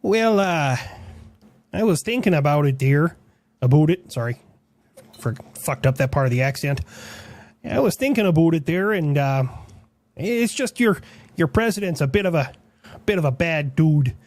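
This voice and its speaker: A man's voice: a little high, lively intonation, moderate pace, long pauses, darkish tone. A man voicing a polite, hesitant Canadian man, a country personified, with a put-on Canadian accent and lots of fillers. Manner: hesitant, apologetic, filler-heavy.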